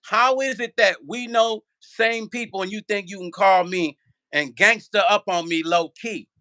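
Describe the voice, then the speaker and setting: A man on his own channel, ranting with a high-pitched voice. His tone is bright and edgy, full of curses and repeated questions. He talks straight to the viewers about someone who wronged him. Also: a little slow. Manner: profane, repetitive, rhetorical. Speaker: vlogger; musician. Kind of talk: heated casual rant.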